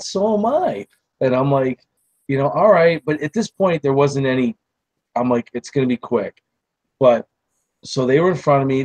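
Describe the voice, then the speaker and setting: A man's voice: medium pitch, darkish tone, no echo, low-quality recording. A man, a podcast host telling a long, rambling story in casual chat. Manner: rambling, restarts, acts out quoted people.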